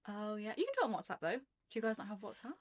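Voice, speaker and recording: A woman from the UK hosting a casual chat, quick to ask curious questions. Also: mid-range voice, sing-song, dry recording. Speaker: host.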